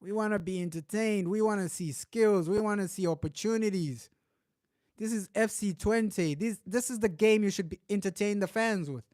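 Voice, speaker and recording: A man commenting live on a match as a fan, grumbling through the slow spells and shouting with excitement when his team scores. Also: sits high, no room sound, clean studio sound. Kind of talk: live watch-along commentary.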